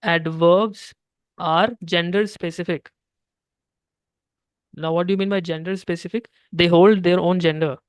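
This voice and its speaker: A man's voice: high-pitched, steady tone, unhurried, pauses often, clear, resonant tone, no room sound. A young man with an Indian English accent teaching French one-on-one, patiently explaining step by step and slipping into Hindi. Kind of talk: one-on-one language lesson.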